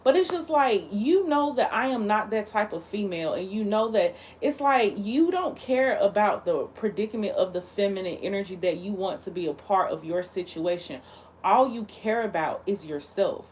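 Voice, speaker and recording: A woman's voice: medium pitch, animated, moderate pace, a little mellow, slight background noise. A woman hosting a livestream, talking casually in a blunt, heated and emphatic way. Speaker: livestream host.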